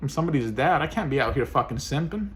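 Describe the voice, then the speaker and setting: A man's voice: on the high side, animated, fast, fairly bright tone, slight background noise. A man venting in a personal vlog as a single dad, swearing often and sounding frustrated. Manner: profane, frustrated ranting.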